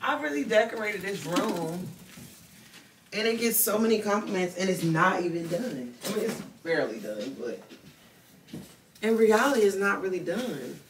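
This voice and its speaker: A woman's voice: lively intonation, normal speed, reverberant, recorded from a distance, slight background noise. A young woman vlogging casually at home, chatting about her room and later cooing at her dog. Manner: chatty, talks baby talk to her dog in a high voice. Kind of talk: casual vlog chat.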